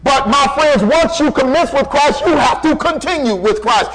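Male preacher, very high voice, emphatic, repeats key phrases, sermon delivery. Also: normal speed, very noisy.

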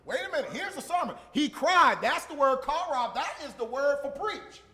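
A man preaching a sermon, emphatic and repetitive, swinging from shouted lines to quiet murmurs. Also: very high-pitched, animated, normal speed.

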